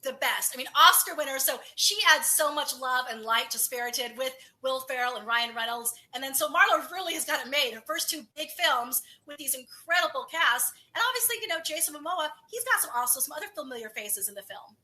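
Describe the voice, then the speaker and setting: A woman's voice: sits high, animated, fairly quick, few pauses, sharp tone. A woman entertainment correspondent chatting casually and gushing about new films. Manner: bubbly, gushing. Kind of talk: casual news chat.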